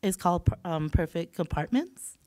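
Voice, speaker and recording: A woman's voice: lowish voice, expressive, normal speed, mellow, dry recording. A woman, a novelist, reading from her work in progress at an event while she has a cold, hesitant when she talks off the page. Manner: hesitant, filler-laden when speaking off the page. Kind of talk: literary reading aloud. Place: event hall.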